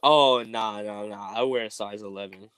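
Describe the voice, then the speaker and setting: A man's voice: fairly low pitch, steady tone, normal speed, a bit bright, slight background noise. A man co-hosting a podcast, joking around in loose, slangy casual chat. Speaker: podcast co-host.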